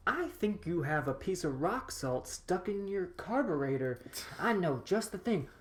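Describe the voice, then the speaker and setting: A woman's voice: fairly low pitch, very animated, unhurried, voice pushed up. A woman voicing a folksy male small-town repairman who talks in knowing winks.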